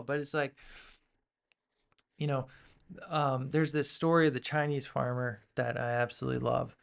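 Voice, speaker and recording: A man talks through his podcast in an easy, rambling way, circling back with fillers and restarts. His voice has a gravelly edge and sits at a middling pitch. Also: level tone, moderate pace, long pauses. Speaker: podcast host. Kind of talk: casual spiritual podcast talk.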